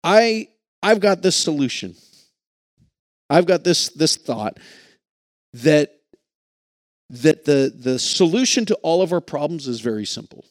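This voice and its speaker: A man's voice: fairly high pitch, animated, a little slow, long pauses, no room sound, studio quality. A man preaching a sermon in an earnest, reflective way, reading scripture and stumbling over a few words. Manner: earnest, reflective, with occasional restarts. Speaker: pastor.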